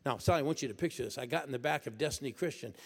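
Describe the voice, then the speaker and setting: An older man preaching a storytelling sermon to a congregation in a church, animated and building to excited shouts. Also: mid-range voice, racing, slightly rough. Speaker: pastor. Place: church auditorium. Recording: echoey church hall.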